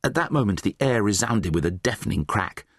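Expressive male storybook narrator, dry close sound. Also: on the low side, a little fast, husky, dry recording. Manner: expressive, voices many characters. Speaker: audiobook narrator.

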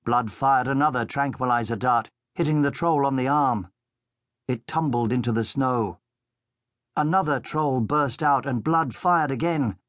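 A man narrating a children's audiobook in a steady, measured storytelling voice into a studio microphone. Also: medium pitch, no room sound.

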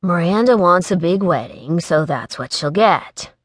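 A woman's voice: lowish voice, expressive, a little slow, no room sound, clean studio sound. A woman voicing a good-natured young man who sounds a little weary and wry in an audiobook.

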